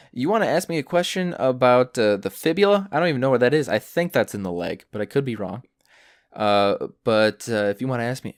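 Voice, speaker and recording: A young man tells stories on his own podcast in a loose, rambling way, full of fillers and sarcastic asides. His voice sits at an ordinary middle pitch and climbs sharply when he gets indignant. The room sounds dry and close. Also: no echo. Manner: rambling and sarcastic, many fillers, jumps higher when riled up. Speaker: podcast host. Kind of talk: casual solo storytelling.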